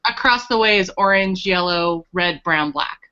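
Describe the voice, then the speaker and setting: A woman's voice: on the low side, moderate pace, pushed and bright. A woman co-hosting a book club on a video call from a room at home, enthusiastic and joking. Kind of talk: casual video-call chat. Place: home room in front of bookshelves. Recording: dull lo-fi webcam call audio.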